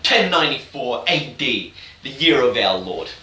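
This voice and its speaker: A man recaps a game's story in a rambling, irreverent, deadpan manner. His voice is bright and a bit forceful. He sits off-mic in an echoey room, with faint hiss underneath. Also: medium pitch, moderate pace, far from the mic. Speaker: YouTuber. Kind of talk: comedic game-story recap.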